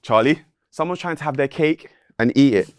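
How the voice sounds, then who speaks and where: A man's voice: a little high, moderate pace, clean tone, dry recording, studio quality. A man hosting a chat as a mock judge, teasing his guests and calling for order. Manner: teasing, dramatic shouts of order. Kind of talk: playful mock-courtroom chat.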